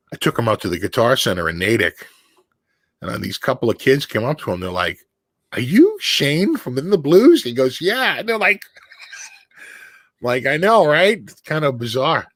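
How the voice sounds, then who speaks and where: A man chatting as a guest on a video call, telling an animated anecdote and acting out the voices in it. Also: medium pitch, no room sound. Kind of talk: casual storytelling chat.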